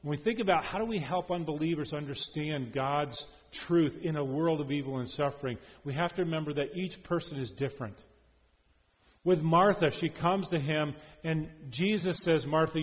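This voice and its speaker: A man preaching a sermon, moving between forceful emphasis and soft, hushed passages. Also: a little high, normal speed. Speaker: preacher and professor. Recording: long hall reverb.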